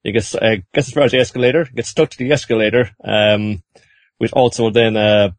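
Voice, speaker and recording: A man's voice: on the low side, steady tone, a little fast, dry recording. A man hosting a podcast, recapping an anime episode in casual chat and acting out the characters in silly voices.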